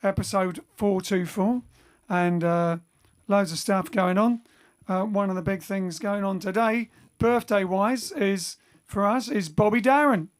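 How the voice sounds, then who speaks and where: Slow, rambling man chatting between songs. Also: sits high. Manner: rambling, chatty, self-correcting. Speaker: bandleader and singer hosting a livestream. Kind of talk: casual chat between songs. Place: home during lockdown.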